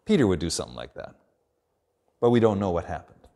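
A man preaching a sermon as pastor, earnest, often dropping quiet and slow for emphasis. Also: sits low, very animated.

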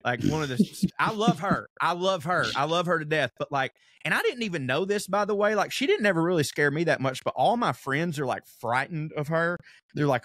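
A young man, co-hosting a podcast in casual, animated chat, telling stories and swearing freely. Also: on the high side, fairly quick, dry recording, clean studio sound. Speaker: podcast co-host.

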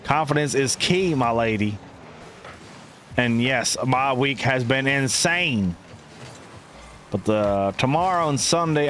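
A man's voice: mid-range voice, a little hiss or hum. A man casting an esports match live with playful play-by-play, inventing silly words and chatting with viewers between plays. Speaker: esports caster.

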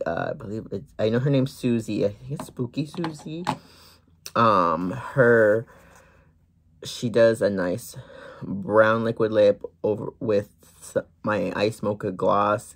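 A brand owner showing off lip glosses in a relaxed vlog, filmed in a corner of their home, with plenty of ums and gentle asides. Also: medium pitch, gravelly. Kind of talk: product showcase vlog.

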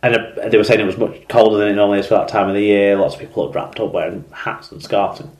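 A man's voice: on the low side, fairly even intonation, fast talker, darkish tone, echoey room. A man co-hosting a sports podcast in casual chat, reading out fan messages. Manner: chatty, reads out fan messages. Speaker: podcast co-host.

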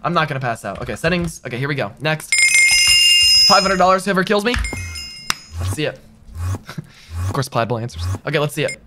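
A man's voice: a little high, lively intonation, a little fast, pauses often, over music. A young man live-streaming a video game, talking to chat in a slangy way and repeating himself when frustrated.

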